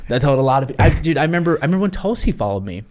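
A man chats casually as a podcast guest, telling stories with lots of fillers. He slips into other voices when quoting people. His pitch sits in the middle. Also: rapid-fire. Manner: animated, acts out quotes, many fillers. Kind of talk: casual storytelling chat.

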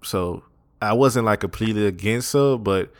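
A man's voice: on the low side, normal speed, dry recording, clean studio sound. A young man co-hosting a podcast in casual chat, laid-back and slangy, laughing often. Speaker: podcast co-host.

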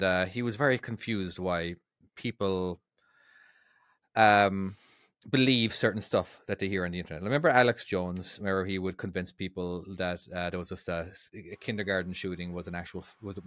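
A man's voice: low-pitched, fairly bright tone, no echo, clean studio sound. A man co-hosting a casual podcast, rambling with many restarts and frequent laughter. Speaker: podcast co-host.

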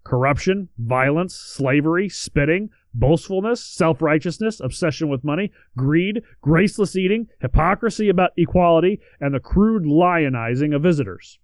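A man's voice: a little high, expressive, normal speed, hardly any pauses, no echo. A man co-hosting a podcast, reading out history in a casual way with joking asides and the odd swear word. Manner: reads facts then adds joking asides and swearing. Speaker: podcast co-host.

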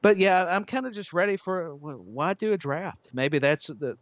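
A man's voice: high voice, animated, moderate pace, no room sound. A man co-hosting a wrestling podcast in casual chat, often restarting and repeating his words. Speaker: podcast co-host. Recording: dull lo-fi audio.

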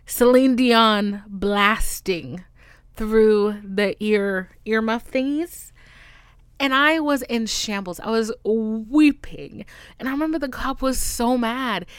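Animated young woman podcast host, dry sound. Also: a little high, slow pace, smooth, no echo. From Caribbean. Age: 20s. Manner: animated, dramatic, swings into whispers and squeals. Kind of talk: casual storytelling monologue.

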